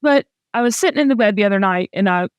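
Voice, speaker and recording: A woman's voice: mid-range voice, lively intonation, fast talker, smooth, no room sound, lo-fi sound. A middle-aged Southern woman hosting a candid, casual talk, speaking with heartfelt emotion and frequent restarts. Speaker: host.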